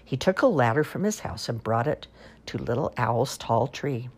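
Storybook reader, woman, low and husky, expressive. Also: moderate pace. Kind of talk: reading children's stories aloud.

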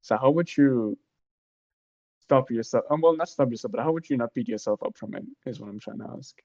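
A man with a mid-pitched voice asks questions in a relaxed chat, agreeable and thinking aloud as he goes. His audio sounds dull and muffled. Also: a little fast. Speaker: guest seeking advice. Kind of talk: casual conversation.

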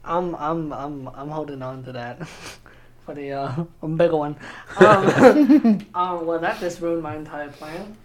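Slow, hesitant man playing a tabletop game. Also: a little high. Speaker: player. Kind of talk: casual tabletop game play.

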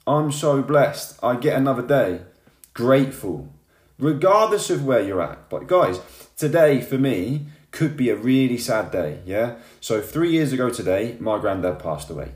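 A man giving a fired-up motivational talk, tagging his lines with "yeah?" and "right?". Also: mid-range voice. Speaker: motivational vlogger. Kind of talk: motivational monologue to camera. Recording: echoey room.

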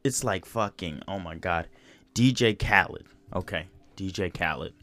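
With a deep, somewhat bright voice and an unhurried pace, a man hosts a laid-back podcast conversation. He swears a lot, wanders off on tangents, and says the same phrases over again.

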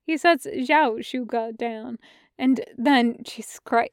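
A woman reading a fan fiction audiobook in a light, brisk narrating voice. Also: fairly high pitch, clear, resonant tone, no echo, clean studio sound. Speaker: podfic reader.

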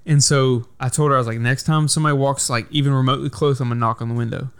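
男性播客主持人，粗口连篇地讲故事. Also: male voice, mid-range voice, fairly even intonation, racing, clean tone. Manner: profane, heated storytelling. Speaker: podcast host. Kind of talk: casual podcast chat.

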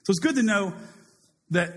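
Casual preacher in a reverberant hall. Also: male voice, high voice, moderate pace. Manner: casual, animated paraphrasing with acted quotes. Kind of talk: sermon.

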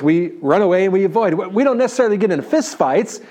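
A man in his thirties with a New York accent, preaching a sermon and telling a story in an animated way, often checking in with the congregation. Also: high-pitched, quick pace, few pauses. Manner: animated, talks to the audience with "right?". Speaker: pastor.

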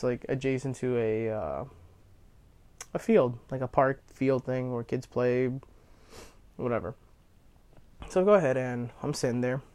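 A man's voice: mid-range voice, a little mellow. A young man casually telling a personal anecdote, rambling and correcting himself as he goes, cursing freely. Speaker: storyteller.

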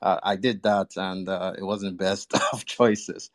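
Low-voiced man, measured and diplomatic. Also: fairly even intonation, dry recording, studio quality. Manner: measured, diplomatic, many fillers. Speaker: panel guest. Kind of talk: casual panel chat.

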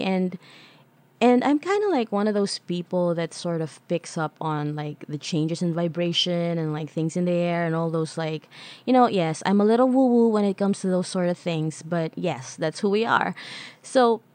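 A woman hosting a casual solo podcast, bubbly and rambling, chatting warmly to her listeners and asking herself their questions. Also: fairly low pitch, normal speed, dry recording. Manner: bubbly, rambling, talks to listeners as "beautiful creatures". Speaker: podcast host.

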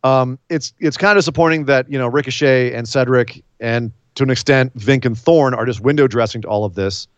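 A man hosting a casual chat about wrestling, animated, with frequent laughs and quick asides. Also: mid-range voice, no echo. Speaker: podcast host. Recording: dull lo-fi dry sound.

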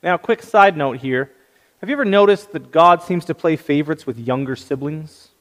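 Male preacher, slightly high voice, anecdotal sermon with gentle humor, long hall reverb. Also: moderate pace. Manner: storytelling with light humor. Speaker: pastor.

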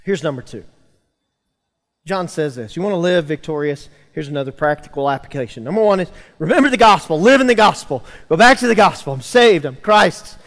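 A man preaches to his congregation in a church sanctuary, his voice sitting a little high for a man. He builds emphasis and calls out to the room. The sound rings with a long hall reverb. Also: expressive, brisk, a bit bright. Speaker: pastor. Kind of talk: sermon.

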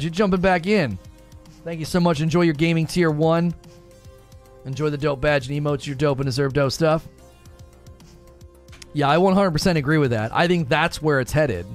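A man hosting a casual live stream, rambling through quick asides and reading out chat. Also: fairly high pitch. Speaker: livestream host.

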